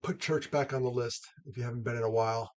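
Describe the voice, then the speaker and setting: A man's voice: mid-range voice, steady tone, fast talker, darkish tone. A man, a mental health advocate, talking casually and earnestly to camera, rambling with frequent laughs.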